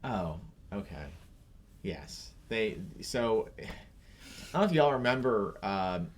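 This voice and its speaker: A man's voice: lowish voice, animated, slow, slight background noise. A young man co-hosting a casual gaming livestream, teasing and rambling in loose chat. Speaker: podcast co-host.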